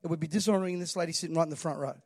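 A pastor preaches with emphatic energy and keeps calling on the congregation to answer him. His voice sits notably high for a man, and the recording is close and dry, with little room sound. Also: steady tone, very fast, darkish tone, no echo. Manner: emphatic preaching, calls for audience response. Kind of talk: sermon.

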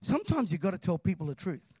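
A man preaching a sermon in a church, impassioned and rising to loud emphatic calls. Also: high voice, sing-song, quick pace, husky, dry recording, clean studio sound.

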